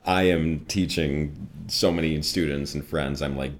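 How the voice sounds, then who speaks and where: Very deep-voiced Midwestern man telling stories. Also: a little slow, a little hiss or hum. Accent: slight Midwestern. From US Midwest, Chicago northwest suburbs. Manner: animated storyteller, jumps high for quoted voices, laughs often. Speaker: voice actor and coach. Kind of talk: casual interview chat.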